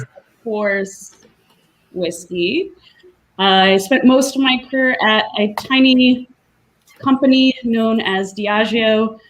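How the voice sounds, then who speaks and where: A woman's voice: on the high side, poor audio. A woman co-hosting a live whisky show, introducing herself in an upbeat way. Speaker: co-host and distiller.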